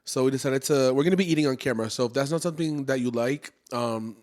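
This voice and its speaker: A young man at a mid pitch hosts a casual podcast. He talks loosely, circles back on himself, and keeps the mood light. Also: fast, a little mellow. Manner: easygoing, rambling, self-correcting. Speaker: podcast co-host. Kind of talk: casual chat.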